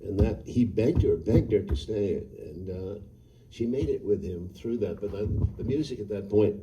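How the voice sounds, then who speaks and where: A film director talking at a live Q&A in a cinema, halting and full of fillers and restarts. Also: male voice, on the low side, lively intonation, dark tone, recorded from a distance, a little hiss or hum, poor audio. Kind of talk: on-stage Q&A.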